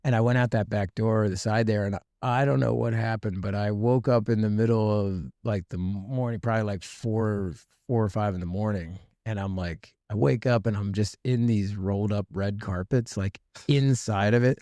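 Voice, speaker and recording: A man's voice: lowish voice, steady tone, moderate pace, few pauses, dark tone, dry recording. Rambling, profane middle-aged man storyteller. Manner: rambling, profane, full of fillers and laughter. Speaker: podcast guest. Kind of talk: casual storytelling.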